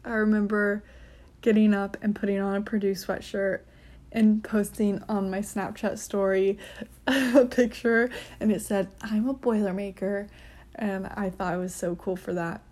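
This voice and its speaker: Slow, mellow-voiced young woman chatting. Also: medium pitch, steady tone. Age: young adult. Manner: chatty and earnest, with frequent ums and gushing. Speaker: podcast host. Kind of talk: casual solo podcast chat.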